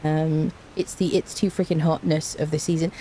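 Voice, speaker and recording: A woman's voice: low voice, level tone, moderate pace, mellow, slight background noise. A woman with a cold, chatting playfully with her live-stream viewers and greeting them by name from home. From Britain. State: has a cold. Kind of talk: casual live-stream chat. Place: indoors at home.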